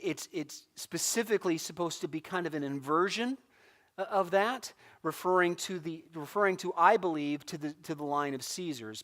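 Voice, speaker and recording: A middle-aged man from California leads a church Bible lesson, his voice sitting a little high for a man. He talks casually, acting out quotes and stories with a lively, laughing delivery. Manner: animated storytelling with acted-out quotes and laughs. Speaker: Bible class teacher.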